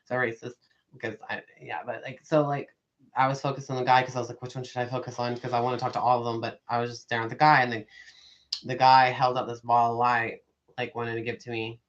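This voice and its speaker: A man's voice: mid-range voice, fast, dull audio. Rambling, profane man telling stories. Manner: rambling, animated, profane, many fillers. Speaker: psychic medium host. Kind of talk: casual storytelling chat.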